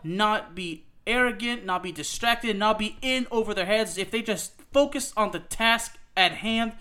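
A man's voice: sits high, bright, forceful tone. A man hosting a soccer podcast, ranting emphatically with frequent "okay?" and "you know what?" and some swearing. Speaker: podcast host. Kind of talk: soccer opinion podcast rant.

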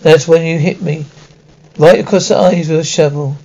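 A man's voice: a little high, fairly even intonation, normal speed, warm tone, dull audio. A man voicing a crude peasant goatherd, complaining indignantly in a tavern.

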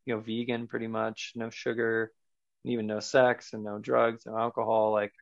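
Recounting a personal experience as a podcast guest, the man is earnest and searching, speaking loosely with fillers. His lowish voice is completely flat, at a moderate pace with vocal fry, and the dull lo-fi recording has no room sound.

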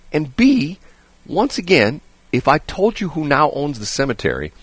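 A middle-aged man hosting a talk show, telling a long story in a casual, animated way, often restarting his sentences and checking in with "okay?". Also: medium pitch, dry recording. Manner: rambling, animated, frequent restarts and "okay?" asides. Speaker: radio show host.

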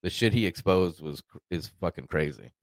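Low-voiced profane man rambling. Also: moderate pace, no room sound. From Arkansas, United States. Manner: rambling, profane, animated retelling with quoted voices. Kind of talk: casual storytelling chat.

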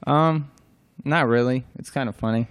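A young man from Albania, a guest in a casual interview chat, giving brief, low-key deadpan answers. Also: normal speed, clean tone, no echo, clean studio sound.

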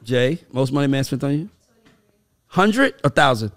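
A man's voice: mid-range voice, normal speed. A man hosting a casual podcast, joking and acting out quotes in playful voices. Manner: animated, acts out quotes in funny voices. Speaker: podcast host.

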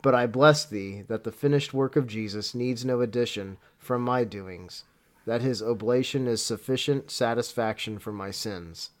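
A podcast host, tired and sick with a cold, laughs often while chatting and then reads a prayer slowly and solemnly. He has a mid-range voice.

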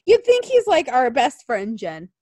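Female co-host, casual chat, bouncy high voice with lots of swing, recorded dry. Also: no echo. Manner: animated, quick, profane storytelling with impressions. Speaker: podcast co-host.

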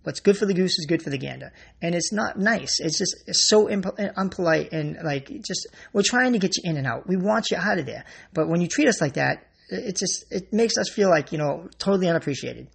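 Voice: mid-range voice, animated, brisk, gravelly, hardly any pauses, breathy edge. A grocery store worker giving a blunt, exasperated rant to the camera and swearing freely. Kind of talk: ranting monologue to camera.

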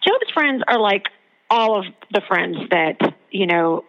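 A woman theologian and author speaking as a guest in a podcast interview, telling her points with animated emphasis. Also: mid-range voice, a little slow, lo-fi sound.

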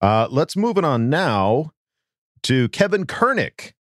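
A man hosting a casual podcast, talking fast and loose with plenty of fillers. His pitch moves about in a lively way, and the close mic sounds dry and dead. He rolls easily from chatter into listener questions. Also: no room sound. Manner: quick, loose talk with many fillers. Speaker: podcast host.

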